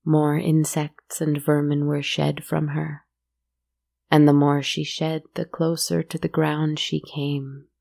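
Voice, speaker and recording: A woman telling a dark fairy tale in a slow, measured and hushed way. Her voice is low, mellow and heavily gravelly, with little rise and fall. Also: completely flat delivery. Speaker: storyteller.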